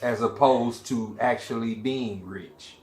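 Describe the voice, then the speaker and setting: A man hosting an interview, asking questions in a slow, deliberate way. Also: mid-range voice, darkish tone. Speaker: interview host. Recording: echoey room with faint ambience.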